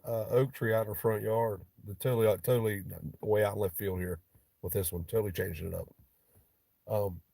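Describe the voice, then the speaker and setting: Gravelly low-voiced man, blunt and profane. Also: darkish tone, dry recording. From Ohio. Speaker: livestream host. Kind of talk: casual livestream chat with viewers.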